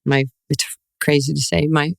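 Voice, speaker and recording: A woman in her sixties from New York, a guest telling lively stories in an interview and acting out the voices in them. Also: low-pitched, normal speed, gravelly, no room sound, clean studio sound. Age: 60s. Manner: animated storyteller, acts out quoted voices, laughs often. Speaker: guest, former basketball player. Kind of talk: storytelling interview.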